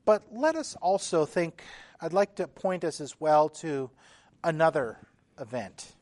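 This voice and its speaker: A man preaching a sermon in a measured, emphatic way, his intensity rising and falling. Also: on the high side, animated, darkish tone, dry recording.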